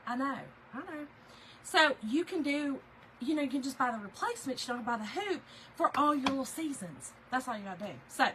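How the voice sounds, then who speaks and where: A woman's voice: high-pitched, bright, forceful tone, slight background noise, low-quality recording. A middle-aged woman, hosting a casual craft live stream, chatty and laughing, greeting viewers by name from her craft room.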